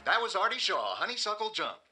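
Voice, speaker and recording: An actor playing a radio disc jockey, speaking in smooth announcer patter. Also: male voice, high-pitched, big pitch swings, brisk. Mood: upbeat. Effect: radio broadcast. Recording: music under a radio broadcast.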